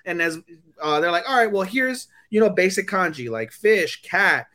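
A man co-hosting an anime podcast, chatting casually, swearing often and acting out scenes in high put-on voices. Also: lively intonation, normal speed, pushed and bright. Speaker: podcast co-host.

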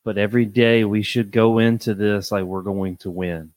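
A man's voice: fairly low pitch, steady tone, normal speed, a little mellow, dry recording. A man hosting a solo podcast, talking candidly and bluntly, with plenty of fillers and repeated words. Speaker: podcast host. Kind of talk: casual solo podcast monologue.

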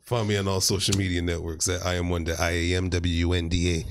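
Deep gravelly laid-back man. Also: flat delivery, fast, a little hiss or hum. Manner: laid-back, slangy plugs and quips. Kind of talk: casual podcast chat.

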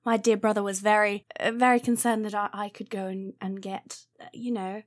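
A woman's voice: medium pitch, little pitch movement, normal speed, lightly acted. Woman doing a prim mock-posh bird sister. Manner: prim, over-polite put-on posh. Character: corvid sister faking a posh lady.

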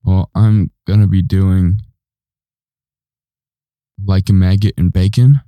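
A male co-host with a low, dark voice answers in short, clipped replies. When he explains something he hesitates and restarts often. The sound is dry and close to the mic. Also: flat delivery, takes it slowly, no room sound. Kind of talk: casual studio banter.

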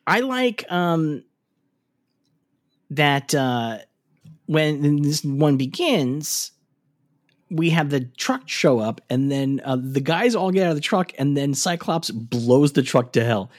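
A man's voice: a little high, lively intonation, slow pace. A man co-hosting a podcast who casually recaps a cartoon episode, rambling with lots of fillers and the odd curse. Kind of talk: casual chat.

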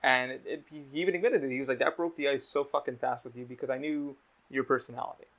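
A man's voice: medium pitch, steady tone, fast talker, a bit bright. A young man hosting a podcast, telling rambling stories with lots of swearing. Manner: heavy swearing, rambling storytelling. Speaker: podcast host. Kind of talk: casual podcast chat. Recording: dull lo-fi podcast audio.

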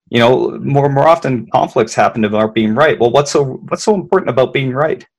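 A man's voice: mid-range voice, normal speed, vocal fry. A man, a leadership consultant, explaining emotions conversationally, often repeating words and checking in with "right?".

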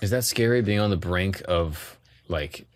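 A man's voice: sits low, measured pace. A man hosting a podcast, asking probing follow-up questions in casual conversation. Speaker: podcast host. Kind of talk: casual interview chat.

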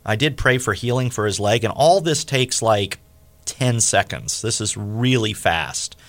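A man hosting a faith radio interview, telling a story with lively acted-out quotes. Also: a little slow. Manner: animated, acts out quoted speech with big pitch jumps. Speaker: radio show host.

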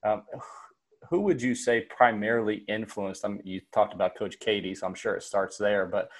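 A man hosting a basketball coaching podcast, setting up his questions with steady, organized lead-ins. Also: fairly low pitch, normal speed. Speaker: podcast host. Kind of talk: interview questions.

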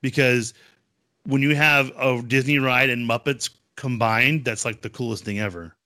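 Male podcast co-host, excitable casual chatter, bright tone. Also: mid-range voice, normal speed, no echo, clean studio sound. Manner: chatty, excitable, with frequent fillers. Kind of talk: casual chat.

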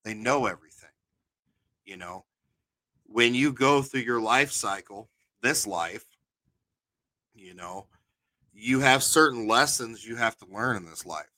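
A man co-hosting a podcast, a paranormal investigator chatting casually, animated and telling anecdotes with a swear now and then. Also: medium pitch, a little slow, pauses often, no room sound.

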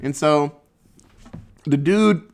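A man's voice: a little high, drawn-out words, gravelly. A man casually recapping a movie plot in a rambling, sarcastic way, swearing freely.

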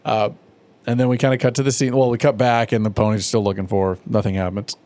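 A man's voice: level tone, quick pace, a little mellow. A man co-hosting a casual chat, recapping a cartoon episode with lots of swearing and laughter. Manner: profane, laughing, acts out lines in high put-on voices. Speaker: podcast co-host recapping a cartoon.

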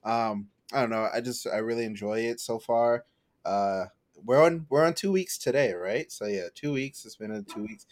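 A young man in casual podcast chat, mid-pitched and easygoing. He rambles through his thoughts with constant fillers. He often acts out how he reacted. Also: normal speed. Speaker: podcast co-host.

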